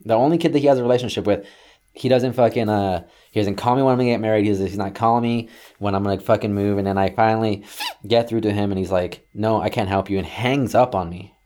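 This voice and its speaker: A young man telling a story casually, swearing a lot and acting out shouted quotes. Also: lowish voice, fast. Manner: profane, animated, acts out yelling quotes.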